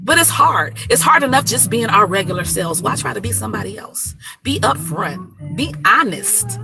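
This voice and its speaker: A woman's voice: a little high, moderate pace, gravelly, over music. A woman, a singer who streams, talking frankly and with animation straight to her viewers. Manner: frank, animated, Black American vernacular phrasing. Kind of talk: casual direct-to-camera talk.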